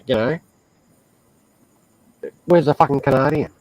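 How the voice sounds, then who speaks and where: Slow, blunt Australian man. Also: fairly low pitch, darkish tone, a little hiss or hum, low-quality recording. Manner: blunt, profane storytelling. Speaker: stream host. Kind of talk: casual chat.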